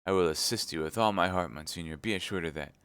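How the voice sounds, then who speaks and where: A loyal count, as a man reading aloud puts him on, reports in a hushed, confiding tone. His voice sits low. The recording is close and dry. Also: quick pace, clean tone, no echo. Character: loyal male count, agent reporting secretly.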